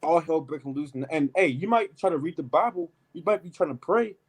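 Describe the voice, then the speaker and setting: Man, Bible study preacher, fairly high voice, animated, street-style talk. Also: fairly quick, slightly rough, rough recording. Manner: animated, drawls emphasis, calls "man" and "right?". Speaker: Bible teacher.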